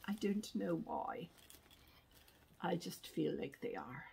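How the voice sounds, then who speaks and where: A woman's voice: fairly low pitch, very animated, slow, vocal fry, long pauses, noisy background. A woman vlogger chatting casually while unboxing thrift packages, rambling and restarting her thoughts.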